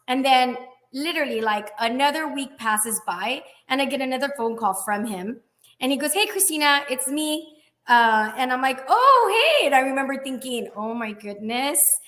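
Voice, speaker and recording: Brief: female interview guest, higher voice, lively storyteller who acts out the dialogue. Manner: animated, acts out quoted dialogue, laughs often. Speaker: guest, insurance agent.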